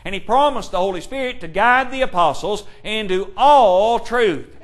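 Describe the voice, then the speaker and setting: A man preaching with a notably high voice, stretching key words slowly for emphasis. He moves between reading old-fashioned scripture verses and posing questions straight to his listeners. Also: expressive. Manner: deliberate, emphatic preaching with slowed stresses; reads scripture aloud in King James wording. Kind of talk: sermon.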